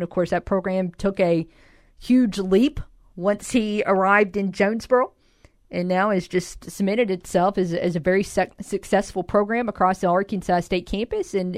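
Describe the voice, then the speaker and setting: A woman's voice: mid-range voice, fairly even intonation, normal speed, no room sound, studio quality. A woman co-hosting a sports radio show in a chatty, laughing, self-deprecating way. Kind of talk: casual sports radio chat.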